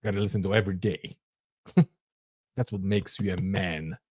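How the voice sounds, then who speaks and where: A man's voice: deep voice, fairly even intonation, unhurried, no room sound, clean studio sound. A man hosting a livestream, giving an emphatic, preachy motivational talk and acting out inner voices. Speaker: host.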